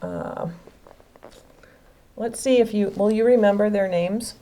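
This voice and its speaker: A woman's voice: mid-range voice, fairly even intonation, takes it slowly, dark tone. A woman from Illinois tutoring an adult one-on-one in English, patient and encouraging, explaining each step. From Illinois, USA.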